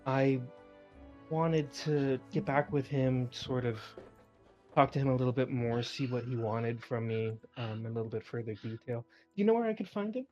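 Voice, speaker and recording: A man's voice: medium pitch, moderate pace, darkish tone, dull audio, soft background music, lightly acted. A man speaking as his polite adventurer character, hesitant and apologetic, asking for help in a tabletop game.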